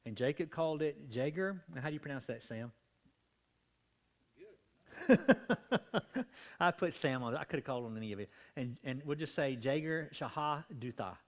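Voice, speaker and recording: A man preaching a midweek Bible study in a church, reading scripture with growing intensity and a strained voice. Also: medium pitch. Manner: animated, reads scripture with rising intensity. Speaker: pastor.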